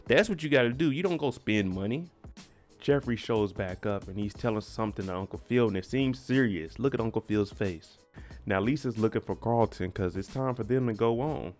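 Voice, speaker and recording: A man's voice: medium pitch, expressive, fairly quick, soft background music. A man giving a chatty, slangy, opinionated recap of a TV episode. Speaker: TV recap vlogger. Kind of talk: casual recap commentary.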